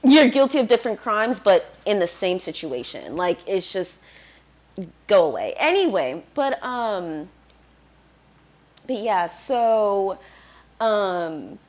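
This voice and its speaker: A woman's voice: medium pitch, very animated, slow, long pauses, darkish tone, lo-fi sound. A woman from Virginia hosting a podcast, talking in a loose, rambling monologue with lots of swearing, recorded in her apartment. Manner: swears a lot, loose and ranting. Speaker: podcast host.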